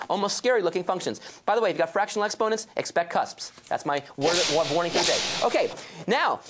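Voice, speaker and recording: A woman giving a lively calculus lecture, enthusiastic, with playful asides. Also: lowish voice.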